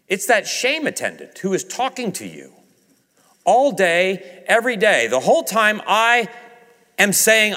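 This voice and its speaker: A man preaching a sermon, swinging from raised emphasis to hushed low passages and acting out quoted dialogue. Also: big pitch swings, a little slow. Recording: reverberant hall.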